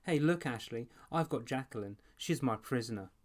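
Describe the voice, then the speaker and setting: A man's voice: mid-range voice, animated, normal speed, close to an everyday voice. Male narrator playing a teasing, mocking young boy in a storybook reading. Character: teasing mean-spirited boy.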